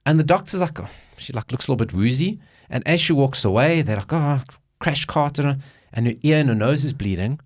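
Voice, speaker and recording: A man co-hosting a casual podcast, retelling movie plots in an animated way and swearing freely. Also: mid-range voice, brisk. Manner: animated storytelling, swears, acts out quotes. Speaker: podcast co-host. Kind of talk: casual chat.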